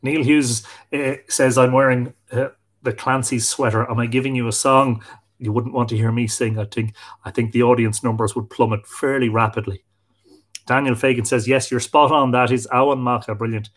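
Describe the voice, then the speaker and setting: A man's voice: medium pitch, steady tone, moderate pace. Chatty Irish man hosting a live stream. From Ireland. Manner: friendly, chatty, greeting viewers by name. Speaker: host of a live online show. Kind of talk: casual live-stream chat, reading out comments.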